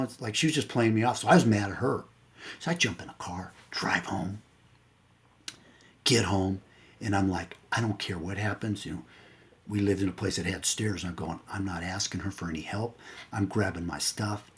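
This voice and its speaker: A man coach giving a motivational talk through a personal story, earnest and at times dropping low and soft to tell the hard moments.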